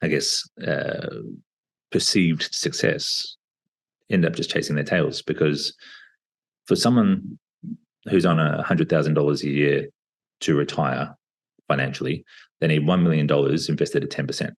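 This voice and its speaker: A man in his thirties, a podcast guest talking reflectively over a video call, with plenty of pauses and fillers. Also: rumbling low, steady tone. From Australia. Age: 30s. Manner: reflective, hesitant with many fillers. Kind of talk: casual interview talk.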